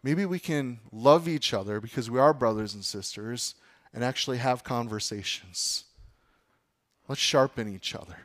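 A male pastor gives an easygoing, chatty sermon to his church. He keeps asking the congregation questions and laughs readily at himself, speaking at an ordinary mid pitch. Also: normal speed, a bit bright. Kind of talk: casual conversational sermon.

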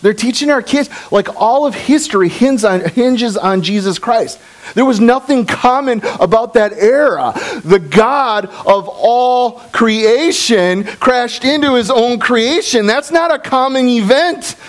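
A man's voice: very high voice, unhurried. A male pastor preaching a casual, joking sermon, full of asides and fillers. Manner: animated, jokey, with asides and fillers.

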